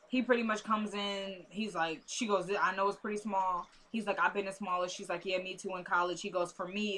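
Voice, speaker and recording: A woman's voice: medium pitch, sharp tone. A woman casually recapping a TV episode for her viewers, chatty and drifting into asides, calling them "y'all".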